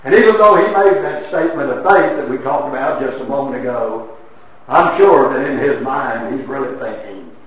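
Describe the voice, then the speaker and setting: Male preacher, dramatic sermon delivery, distant mic, heavy hall echo. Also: moderate pace. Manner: dramatic storytelling with sweeping swings of pitch and loudness. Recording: very echoey hall from far off.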